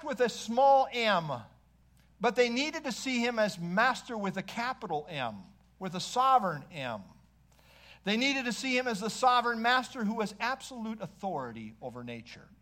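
A high-voiced man delivers an expository sermon. He reads scripture aloud dramatically, then drops his voice to a near hush for quoted words. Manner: expository preaching with dramatic quoted readings and sudden hushes. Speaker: pastor.

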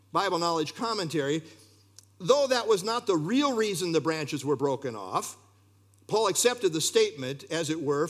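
A middle-aged man preaching an expository sermon, emphatic and animated, often dropping his voice low for effect. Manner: animated, emphatic preaching with sudden drops in volume. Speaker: pastor.

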